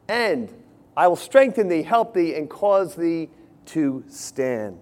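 A man preaching a sermon, earnest, moving between hushed lines and emphatic ones. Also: fairly high pitch, big pitch swings, takes it slowly.

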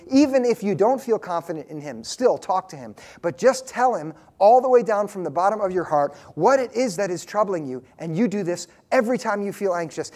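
High-voiced earnest male pastor. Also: a little mellow. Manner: earnest, direct, questioning the congregation. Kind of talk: sermon.

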